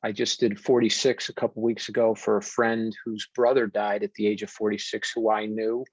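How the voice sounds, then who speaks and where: An American male wellness coach, appearing as a podcast guest, speaks in a low, husky voice with an earnest, steady manner. He tells stories warmly and deliberately with frequent fillers in a conversational interview, and the remote audio is dull, dry, muffled, and free of room sound.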